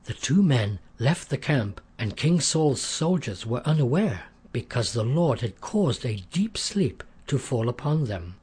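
A man reads a story aloud in a measured, earnest way. His voice is husky, with a middle pitch. The delivery is steady storybook narration.

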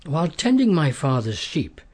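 A man voicing a brave, faithful young shepherd who speaks earnestly and boldly in a storybook reading, in a husky voice. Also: a little high, sing-song, normal speed, a little mellow. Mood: confident. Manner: earnest, bold.

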